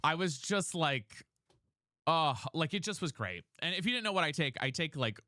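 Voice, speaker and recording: Retelling a conversation line by line, a young streamer rambles through casual chat while gaming, quoting others with "she's like." His voice is a little high, expressive, pushed and bright, at a moderate pace.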